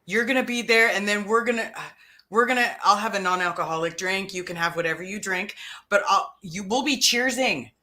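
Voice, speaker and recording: A woman's voice: medium pitch, fairly quick, sharp tone. A woman hosting a casual livestream, talking in a chatty, rambling way. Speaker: livestream host.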